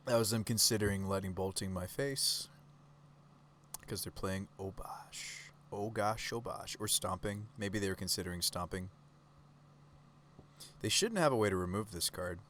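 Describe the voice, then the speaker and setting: Man, low-ish voice, casual live gameplay commentary, talks to chat. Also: steady tone, normal speed, pauses often, a bit bright, a little hiss or hum. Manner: casual, chatty, talks to chat with rhetorical questions. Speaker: streamer.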